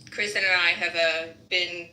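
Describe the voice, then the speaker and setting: A woman in a casual online group chat, joking and sarcastic with quick comebacks. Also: fairly low pitch, fairly even intonation, bright, forceful tone, roomy sound, a little hiss or hum. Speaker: participant in an online voice chat room.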